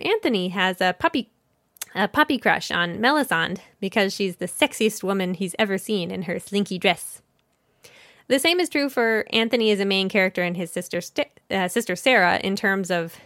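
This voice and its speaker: A woman's voice: mid-range voice, fairly bright tone, no room sound, clean studio sound. A woman hosting a children's book podcast, summarizing and discussing a story in a conversational way, thinking aloud and correcting herself now and then.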